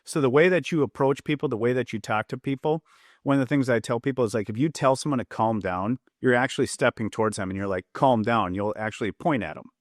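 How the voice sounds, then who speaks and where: Speaking quickly in a mid-range voice with an Upper Midwest American accent, this public safety trainer and ex-cop lays out points in a podcast interview. He performs quoted lines to show how they'd sound. The audio is clean studio sound with no echo.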